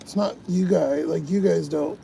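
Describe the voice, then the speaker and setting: A man's voice: a little high, moderate pace, gravelly. A man working as a food delivery driver, venting and swearing in frustration on a live stream from inside his car. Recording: car ambience noise.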